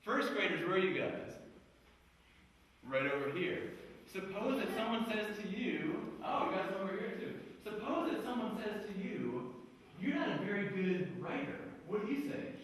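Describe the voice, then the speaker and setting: A man giving a lively career day speech to schoolchildren, telling a story and quizzing them. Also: high voice, moderate pace, a little hiss or hum. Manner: animated storyteller, quizzing the kids. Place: school hall. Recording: echoey hall, mic far off.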